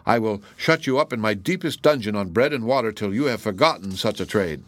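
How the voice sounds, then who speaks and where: A man's voice: fairly low pitch, animated, fairly quick, no room sound, close to an everyday voice. A man voicing a stern, commanding king in a storybook reading, given to abrupt outbursts. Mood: regal.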